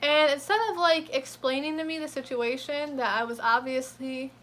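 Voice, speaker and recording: High, bright-voiced young woman ranting. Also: slight background noise. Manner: profane, animated, quick to flare up. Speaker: vlogger. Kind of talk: casual storytime rant.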